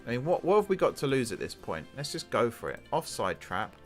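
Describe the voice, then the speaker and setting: Gaming host, male, lively up-and-down delivery, talks at the screen like a fan in the stands. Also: medium pitch, a little fast, faint music behind. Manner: excitable, talks to the game's players. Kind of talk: casual game commentary.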